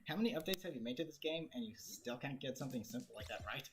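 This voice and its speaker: A man giving casual, joking commentary while streaming a game, quick to laugh and to grumble about it. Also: mid-range voice, lively intonation. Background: game music.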